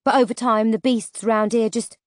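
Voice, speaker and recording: Woman reading tough orphan girl, blunt and sharp-tongued, bit high, dry close sound. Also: fairly even intonation, moderate pace, no echo, lightly acted. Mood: somber. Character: scrappy young female orphan, bold and blunt.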